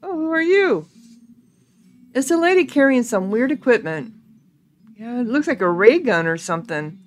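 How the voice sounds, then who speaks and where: Lively woman narrating a game. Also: a little high, normal speed, long pauses. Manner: casual, thinking aloud with hums and ums. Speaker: gaming video creator. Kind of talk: let's play narration, reading game text aloud.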